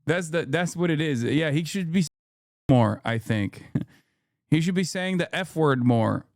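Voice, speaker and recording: A man's voice: fairly high pitch, expressive, unhurried, no echo, studio quality. A man streaming as a commentator, reacting to news clips in heated, sarcastic rants and mocking impressions.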